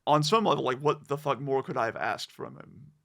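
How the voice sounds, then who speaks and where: A man co-hosting a podcast, talking in a hesitant, relaxed way. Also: medium pitch, a little fast, vocal fry. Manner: hesitant, relaxed, many fillers. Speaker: podcast co-host. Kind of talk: casual chat.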